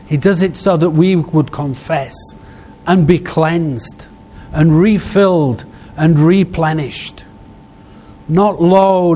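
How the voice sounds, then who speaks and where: A male preacher delivers a heartfelt sermon in short, pausing phrases. He speaks very slowly, with a voice pitched a little high for a man. A faint hum lies under his voice. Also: darkish tone. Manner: slow, heartfelt, phrases broken by pauses.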